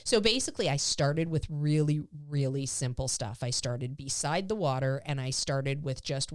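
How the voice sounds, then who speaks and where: A woman's voice: normal speed, no echo, clean studio sound. A woman dog trainer co-hosting a podcast in casual chat, telling stories animatedly and acting out her dog's thoughts. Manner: animated storyteller, acts out dog's thoughts in higher voice.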